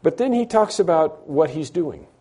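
A man's voice: fairly high pitch, expressive, normal speed, warm tone, breathy edge. A man preaching a sermon, emphatic, building through repeated phrases and frequent restarts. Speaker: pastor.

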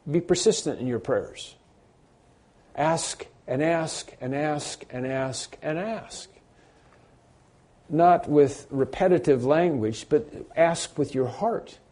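A man preaching an unscripted sermon, often restarting his sentences and rising and growing louder on his emphatic points. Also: a little high, slow pace. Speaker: pastor.

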